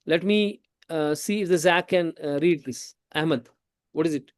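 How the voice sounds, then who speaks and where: In this classroom tajweed lesson, a man with a fairly high pitch explains things slowly, asks his students questions and goes over his points again, occasionally shifting into Hindi. The sound is dry and studio-clean.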